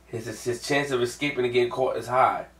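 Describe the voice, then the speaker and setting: Profane man ranting, yelling in echoey room. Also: mid-range voice, steady tone, a little fast. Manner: profane, swings from mumbled recap to yelling. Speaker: manga reaction host. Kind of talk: ranting live reaction. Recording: echoey room, far from mic.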